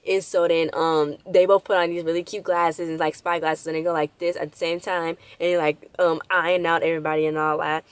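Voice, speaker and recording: A woman's voice: sits low, little pitch movement, fairly quick, few pauses, clean tone, no echo. A woman giving a rambling, casual recap of a TV episode with lots of fillers and restarts. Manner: rambling, loose retelling with many fillers and restarts. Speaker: episode reviewer.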